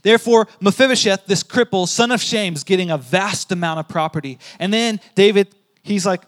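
A male pastor preaching a sermon, emphatic, repeating key phrases and swinging between loud and soft. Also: high-pitched, a little fast, few pauses. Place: church hall with a congregation.

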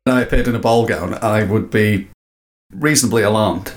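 A man's voice: fairly low pitch, moderate pace. A man, co-hosting a casual chat and putting in dry, joking questions. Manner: dry, wry quips and questions. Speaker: podcast co-host.

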